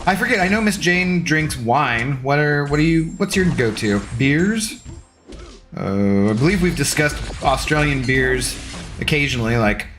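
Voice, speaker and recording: A man's voice: a little high, animated, measured pace, fairly bright tone, slight background noise. A young adult man streaming, chatting casually with viewers in a rambling, easygoing, self-deprecating way. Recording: faint music underneath.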